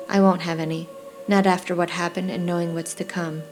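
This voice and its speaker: A woman voicing a young female hospital patient who is furious and grieving, swearing in sharp outbursts. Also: lowish voice, level tone, brisk, soft background music, natural voice. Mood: bitter, broken.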